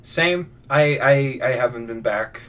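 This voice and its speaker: A man's voice: medium pitch, a little slow, a bit bright. A man live-streaming his writing, rambling casually through viewer prompts with lots of restarts and self-deprecating asides. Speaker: fiction writer live-streaming. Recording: voice somewhat far from mic.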